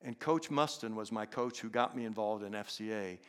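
A man in his fifties, a teacher telling a personal testimony, who swings from loud excitement to soft, hushed tones. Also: normal speed, clean tone. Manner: animated, jumps into high excited voices for characters, then drops soft and hushed. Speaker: teacher and inspirational speaker. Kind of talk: storytelling testimony.

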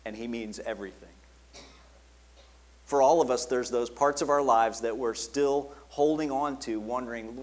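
A man preaching a sermon in an earnest tone, dropping soft and quiet when he quotes the words he attributes to Jesus. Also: mid-range voice, normal speed. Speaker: pastor.

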